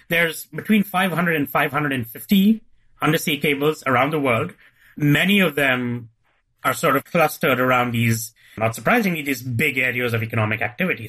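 Husky-voiced man explaining patiently. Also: mid-range voice, fairly bright tone. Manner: methodical explainer, walks through hypotheticals. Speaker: guest author. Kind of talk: podcast interview.

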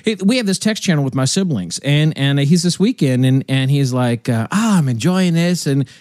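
Animated man with a lively voice. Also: medium pitch, normal speed, no room sound, clean studio sound. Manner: animated storyteller, many restarts and voiced quotes. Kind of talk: casual chat.

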